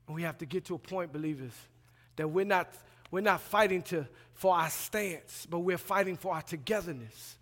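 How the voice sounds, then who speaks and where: A man in his thirties preaching a sermon as a pastoral resident, swinging between loud emphatic passages and quiet asides, colloquial and acting out dialogue. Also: a little high, moderate pace. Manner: colloquial, plays out dialogue in voices. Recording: long hall reverb.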